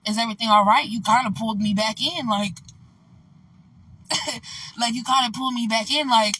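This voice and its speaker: A woman with a bright, fairly high voice tells a storytime vlog in a loose, rambling and candid way, leaning on "like" and "you know". She sits a little off the mic in a dry-sounding space. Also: moderate pace, husky, recorded from a distance, rough recording. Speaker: vlogger.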